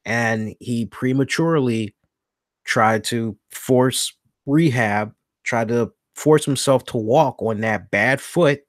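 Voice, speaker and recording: A man's voice: mid-range voice, takes it slowly, no echo, studio quality. A man hosting a wrestling podcast alone, talking casually and rambling, thinking aloud and correcting himself as he goes. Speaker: podcast host.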